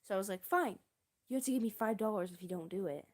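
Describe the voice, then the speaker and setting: Young woman streaming, rambling + slangy, laughs at herself, normal pitch. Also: rapid-fire, mellow. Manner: rambling, self-deprecating, slangy. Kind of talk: casual storytelling.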